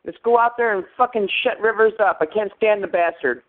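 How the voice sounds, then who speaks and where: Over a phone line, a male caller leaves a worked-up, rambling message for a fan show, full of fillers and curses. He talks fast in a high-pitched voice.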